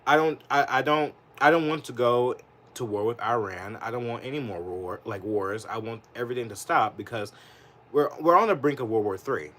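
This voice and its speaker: A man's voice: mid-range voice, normal speed, a bit bright. A man doing live political commentary, rambling, profane and full of "like", getting heated and indignant. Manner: profane, rambling, heavy use of "like". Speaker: political livestreamer.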